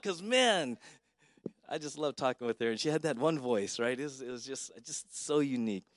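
A man's voice: a little high, expressive, normal speed, no echo, clean studio sound. A middle-aged man, a pastor, giving a personal, conversational eulogy at a memorial service. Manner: conversational, warmly personal, with filler words.

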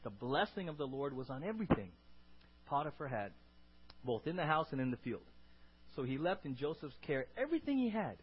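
A man preaching a sermon to his congregation, asking them questions and building to loud, emphatic peaks. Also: a little high, big pitch swings, a little fast, breathy edge, lo-fi sound. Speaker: pastor.

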